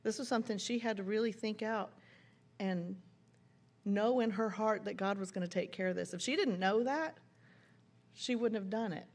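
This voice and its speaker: A woman preaching at a church women's conference, reading scripture and telling stories with animated laughter. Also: mid-range voice, moderate pace. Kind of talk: sermon with scripture reading and storytelling.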